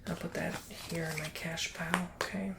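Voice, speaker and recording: A man's voice: on the high side, little pitch movement, normal speed, gravelly, very noisy. A man teaching a board game in a whispered ASMR tutorial, playful and sassy, calling the listener honey. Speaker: ASMR creator.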